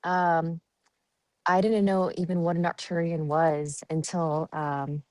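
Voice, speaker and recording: A woman's voice: sits low, little pitch movement, slow, a little mellow. A woman guest chatting on a podcast, giggly and dreamy, with many fillers. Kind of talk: casual podcast chat.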